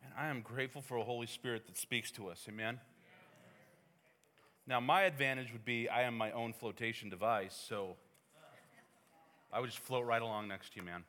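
A man's voice: mid-range voice, moderate pace, long pauses, pushed and bright. A man hosting a faith talk show in an easygoing, affirming way. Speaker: host. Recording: hall reverb.

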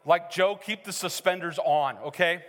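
A middle-aged male pastor preaching a sermon in a church, animated and joking, acting out quotes as he tells stories. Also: high-pitched, normal speed. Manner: animated, joking storyteller who acts out quotes. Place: church sanctuary. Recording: hall reverb.

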